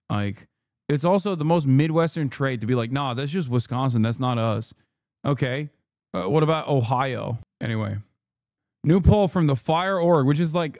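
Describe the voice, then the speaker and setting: A man livestreaming political commentary, reacting to his chat with a profane, combative, rapid-fire delivery. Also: mid-range voice, darkish tone, no room sound, studio quality. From lives in California.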